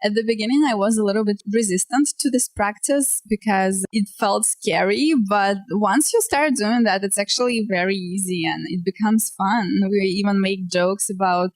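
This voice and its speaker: A woman's voice: medium pitch, moderate pace, hardly any pauses, dry recording. A woman co-hosting a relationship talk show, speaking earnestly with small slips in her phrasing. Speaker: podcast co-host. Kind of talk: casual chat.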